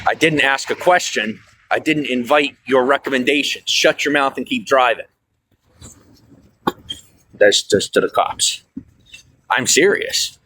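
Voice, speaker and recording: A stressed, fired-up man venting on a livestream, swearing often and swinging from loud outbursts to low mutters. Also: a little slow, pauses often, a little hiss or hum. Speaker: livestream host. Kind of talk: angry livestream rant. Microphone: phone.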